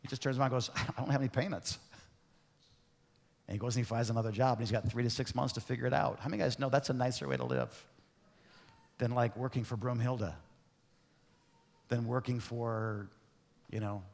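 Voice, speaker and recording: A man preaching a sermon as pastor, animated and conversational, often asking the congregation questions. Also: medium pitch, a little fast, creaky, pauses often. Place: church sanctuary. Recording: long reverb of a church hall.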